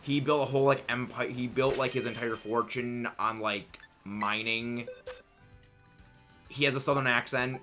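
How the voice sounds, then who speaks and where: A young man hosting a livestream, chatting casually and reading chat messages in an excitable, rambling way. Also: medium pitch, unhurried, music in the background. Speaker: livestream host.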